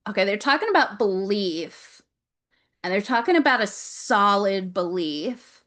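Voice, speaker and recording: Slow-speaking woman relaying a reading. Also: mid-range voice. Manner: slow, repeats words and relays what she is shown. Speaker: Akashic Records reader. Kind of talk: channeled reading on a video call. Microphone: video call.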